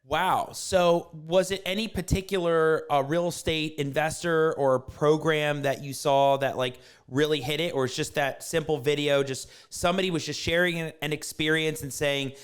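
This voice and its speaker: A male podcast host whose voice sits a bit high and sounds clear and resonant. He keeps the talk casual and conversational, drawing out his guest's story with follow-up questions. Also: fairly even intonation, normal speed, few pauses. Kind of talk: interview conversation.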